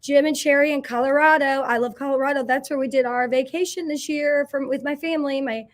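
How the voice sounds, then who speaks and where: Woman host, middle-aged, high bright voice, chatty and effusive live-stream chat, greeting viewers one by one. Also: fairly even intonation, a little fast. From Indiana, USA. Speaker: company president hosting a live Q&A.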